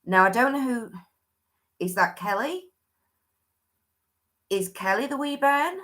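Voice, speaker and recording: A woman's voice: a little high, expressive, slow, pushed and bright. A woman hosting a livestream, giving a chatty oracle card reading that often restarts and thinks aloud.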